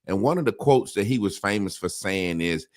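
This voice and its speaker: A man's voice: fairly low pitch, expressive, normal speed, no room sound, studio quality. A middle-aged man in a casual conversation, talking bluntly with rambling asides and frequent swearing. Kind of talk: casual talk-show conversation.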